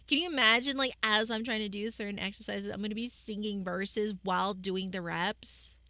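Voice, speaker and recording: A woman's voice: medium pitch, bright, forceful tone, no room sound. A young woman streamer chatting casually with her viewers, rambling with lots of fillers and restarts.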